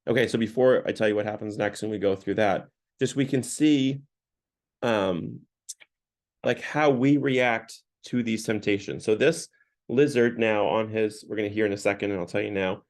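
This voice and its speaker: A man with a lowish voice gives a casual, earnest sermon talk for a parish. He speaks loosely and leans on "like" as filler. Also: normal speed, darkish tone.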